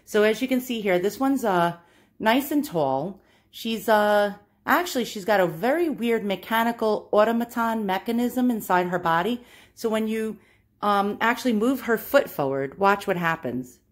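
A woman's voice: medium pitch, animated, moderate pace. A woman with a New York accent chatting casually while showing an antique doll, filming on a phone held in one hand at home, laughing at herself as she goes. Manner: chatty, self-deprecating, laughs often. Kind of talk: casual show-and-tell. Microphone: handheld phone camera.

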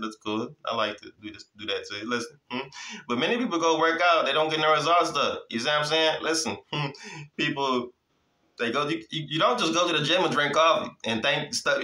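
A man preaching the Bible in a casual, street-style way, checking in with listeners and laughing between points. His voice sits a little high and very bright. It echoes in a roomy space. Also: fairly even intonation, fast talker. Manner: street-casual, repeats lines and checks in with "hmm?". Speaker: Bible teacher. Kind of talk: informal preaching.

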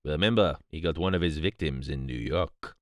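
A shrewd, fussy little detective from a storybook, precise and measured with a quiet theatrical touch, as a male reader puts him on. The voice is low and sits close and dry. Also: no echo. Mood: knowing.

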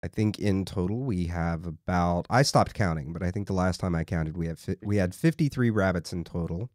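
A man hosting a podcast, chatting in a relaxed, rambling, joking way. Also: low voice, a little fast, no echo, clean studio sound. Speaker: podcast host. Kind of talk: casual chat.

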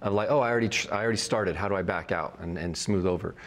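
A man, a Bible teacher, answering viewer questions in a relaxed, frank, conversational way. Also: sits low, very fast. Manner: relaxed, frank, practical advice.

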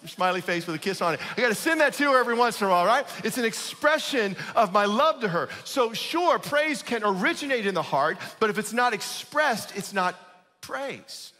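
A pastor giving a conversational, emphatic sermon, often checking in with the congregation. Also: male voice, high-pitched, sharp tone, long reverb tail. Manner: conversational, emphatic, asks "right?".

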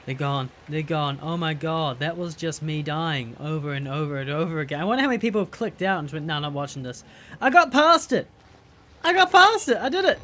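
Let's-play gamer: bright, forceful, animated, profane, yells at the game. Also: medium pitch, fairly quick, slight background noise. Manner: profane, exasperated running commentary. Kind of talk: live gameplay commentary.

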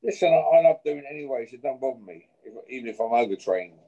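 Animated and fast-talking, this man has a mellow, medium-pitched voice with the highs cut off. As a boxer being interviewed, he trash-talks a rival confrontationally and repeats "yeah?" after every point.

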